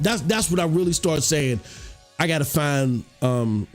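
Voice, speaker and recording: A man's voice: fairly high pitch, measured pace, soft background music. A man hosting a casual gaming podcast, telling stories in slangy, profane talk and acting out quotes in a raised voice. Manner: animated storytelling, slangy, swears freely, acts out quotes in a raised voice. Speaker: podcast host.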